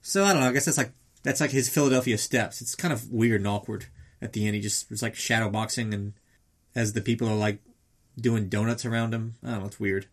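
A man's voice: lowish voice, fairly even intonation, fairly quick. Rambling, sarcastic man recapping a movie. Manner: rambling, sarcastic, swears often. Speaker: film recap host.

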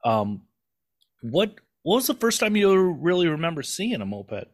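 A man's voice: a little high, very animated, normal speed. A man in his forties hosting a laid-back podcast interview. He rambles, pokes fun at himself and drops the odd curse word into his loose, chatty delivery. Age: 40s. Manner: rambling, self-deprecating, swears casually. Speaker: podcast host.

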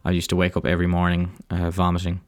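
Irish male podcast host, deep-pitched, meandering and foul-mouthed, self-mocking delivery. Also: monotone, quick pace, dry recording, clean studio sound. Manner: rambling, profane, self-deprecating. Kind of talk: casual solo podcast monologue.

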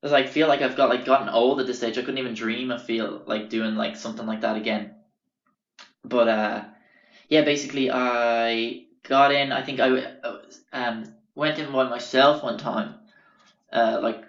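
A young Irish man hosting a podcast speaks at a moderate pace with medium pitch and fairly even intonation. Casually spinning stories, he rambles, curses, and uses lots of fillers and self-corrections, recorded with roomy, dull lo-fi sound.

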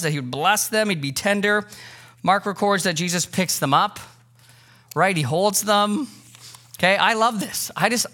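A man preaching a sermon in a church, reading scripture and then talking in a casual, energetic, conversational way with many fillers. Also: high-pitched. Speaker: pastor. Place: church sanctuary.

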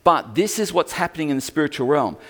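A male pastor preaching a sermon, telling stories with animated emphasis. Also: a little high, fast talker.

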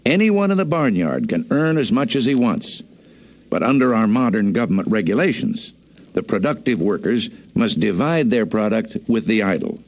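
A preachy government man lays down the rules with emphatic, lively stress, as a man reading a fable puts him on. It sounds lower in pitch and muffled, like an old radio broadcast. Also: normal speed. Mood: lecturing. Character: lecturing male government agent, smug and preachy. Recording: dull lo-fi archival radio recording.

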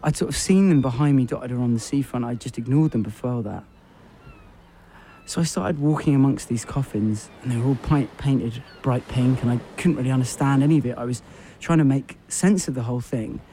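A man hosting a radio show, telling an absurd story in a rambling, repetitive, deadpan way full of fillers. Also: medium pitch, a little fast, a little hiss or hum.

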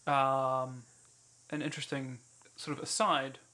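A man's voice: medium pitch, level tone, measured pace, pushed and bright. A man co-hosting a casual film podcast, with dry, wry asides. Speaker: podcast co-host.

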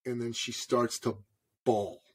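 In a storytelling interview, a podcast guest from Canada, a man in his forties, takes his time with a husky, medium-pitched voice. He tells his story in an animated way, addressing the host as "brother."

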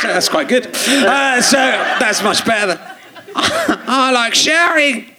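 A man's voice: extremely high pitch, very animated, slow, background noise. A man hosting a live comedy podcast, teasing his guest with dry quips. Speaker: podcast host. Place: theatre stage before an audience.

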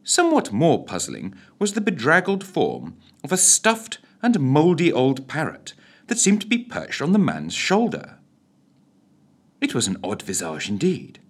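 A man's voice: on the high side, wildly swooping pitch, measured pace, husky. A man, reading a radio story in a theatrical, droll narration.

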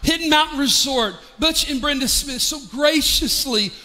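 A man's voice: very high-pitched, normal speed, sharp tone, long reverb tail. A man, a pastor delivering a heartfelt, emotional sermon to his church. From East Tennessee, US. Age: 40s. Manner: emotional, heartfelt, with frequent restarts. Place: large church hall.

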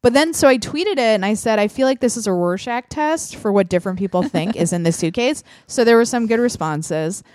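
A woman's voice: on the high side, lively intonation, brisk, few pauses, darkish tone, dry recording, clean studio sound. A woman hosting a podcast in casual chat, talking freely with frequent laughs and fillers. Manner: chatty, laughs often, lots of fillers. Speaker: podcast host.

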